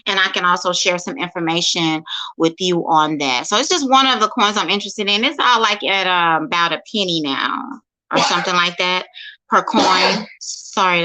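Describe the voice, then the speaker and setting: A woman from St. Louis, a guest speaker, talking casually over a phone livestream, halting with many fillers and restarts. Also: fairly low pitch, sharp tone, low-quality recording. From St. Louis, USA.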